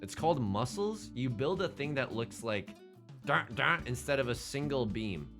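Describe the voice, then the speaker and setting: A man streaming a building game live, thinking aloud in an excitable, joking way and swearing at his own designs. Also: medium pitch, normal speed, over music. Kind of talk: live gameplay commentary.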